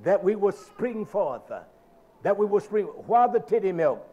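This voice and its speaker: A male preacher giving a sermon in a dramatic, colloquial manner, swinging from shouted lines to low murmurs. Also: very animated, unhurried, dull audio.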